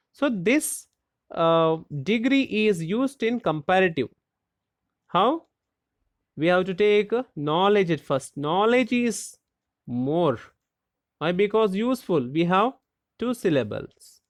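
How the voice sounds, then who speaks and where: A teacher explaining a grammar lesson slowly and deliberately, asking rhetorical questions and spelling out letters. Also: medium pitch, dry recording, studio quality.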